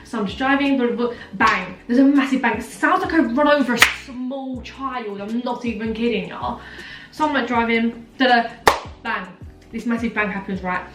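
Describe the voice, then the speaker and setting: A woman's voice: on the high side, moderate pace. A young woman tells a story as a vlogger, dramatic and full of "like" fillers. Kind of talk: storytime chat. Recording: echoey room, mic at a distance, faint music.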